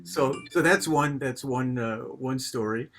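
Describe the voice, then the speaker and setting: A man's voice: mid-range voice, measured pace, gravelly, background noise. An older man telling a rambling story on a group video call, with many fillers and restarts.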